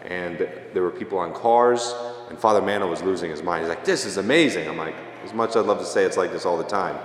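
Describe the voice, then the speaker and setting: A young male priest giving a homily, telling a self-deprecating story in a relaxed, casual way. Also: sits low, fast. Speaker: parish priest. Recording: echoey church with long reverb.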